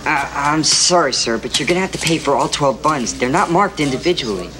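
A man's voice: a little high, lively intonation, fairly quick, music in the background, close to an everyday voice. An actor playing a polite, deferential young male supermarket clerk, heard from a distance in a film.

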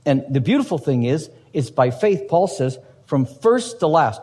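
A man's voice: on the high side, expressive, normal speed, few pauses, mellow, big-room sound. A man preaching a sermon as pastor, emphatic, with rhetorical questions to the congregation.

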